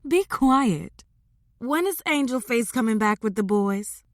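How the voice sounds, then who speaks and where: A woman voicing a young single mother who is guarded but lively with her family. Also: on the high side, measured pace, dry recording, studio quality, pitched above the performer's own voice. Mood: teasing.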